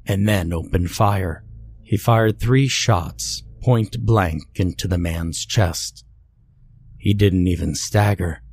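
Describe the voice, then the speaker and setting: A man narrating a scary story in a measured, scripted way. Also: lowish voice, darkish tone, breathy edge.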